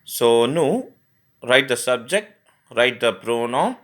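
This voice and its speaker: Male tutor, mid-pitched, halting explainer who spells verbs out letter by letter. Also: lively intonation, a bit bright. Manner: spells words letter by letter, frequent fillers and restarts. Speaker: French teacher. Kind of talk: grammar lesson explanation.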